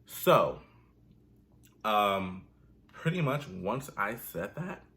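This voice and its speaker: A man's voice: on the low side, sing-song, extremely slow, sharp tone. A young man ranting animatedly about his retail job, sassy and profane. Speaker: vlogger. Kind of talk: comedic rant.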